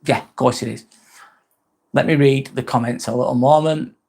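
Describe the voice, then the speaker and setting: This is an English man hosting a live motivational chat. He talks in a loose, thoughtful way, repeats his key lines and swears now and then. His voice sits at an ordinary middle pitch for a man. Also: fairly even intonation, moderate pace, vocal fry, a little mellow, breathy edge. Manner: repetitive, casual with swearing. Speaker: livestream host. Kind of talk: reflective motivational livestream talk.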